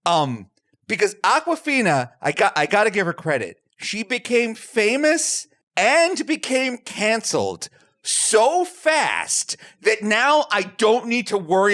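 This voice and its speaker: A man's voice: high voice, unhurried. A man co-hosting a comedy podcast, talking in casual, jokey banter. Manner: animated, jokey, puts on silly voices. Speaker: podcast co-host. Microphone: remote call from a virtual room.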